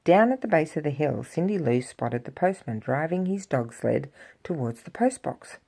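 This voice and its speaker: A woman reads a children's storybook aloud to a child. Her voice is low, mellow and a little gravelly. She reads with lively swings in pitch and acts out the sound effects. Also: normal speed. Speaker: parent reading aloud.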